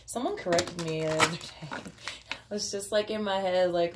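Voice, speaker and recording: A woman's voice: lowish voice, normal speed, background noise. A woman giving a casual daily tarot reading, chatty and offhand, with frequent fillers. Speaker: tarot card reader.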